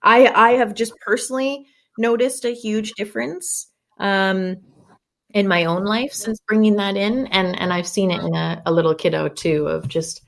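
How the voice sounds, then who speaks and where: A woman's voice: mid-range voice, fairly even intonation, normal speed, creaky. A woman in her thirties, a podcast guest talking candidly in a chatty way, often laughing. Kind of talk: casual podcast conversation.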